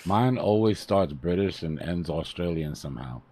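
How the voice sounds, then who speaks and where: A man's voice: low voice, lively intonation, normal speed, a little mellow, no room sound. An American man hosting a live stream, chatting casually and joking about himself. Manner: joking, self-deprecating. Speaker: host of crypto live stream.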